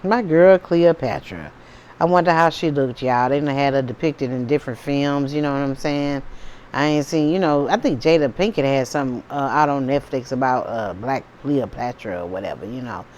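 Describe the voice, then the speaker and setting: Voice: mid-range voice, normal speed, highs cut off, a little hiss or hum. A tarot reader talking casually to viewers in a spiritual vlog, often stopping to check in with the audience. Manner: chatty, keeps checking in with "okay?" and "you know what I'm saying?".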